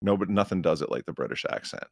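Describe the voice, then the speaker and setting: An American man on a podcast, ranting with big swings in pitch. The sound is close and dry, with no room around him. He laughs often between points. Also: lively intonation, quick pace, creaky, a little mellow, no echo. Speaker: podcast co-host. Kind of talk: casual chat.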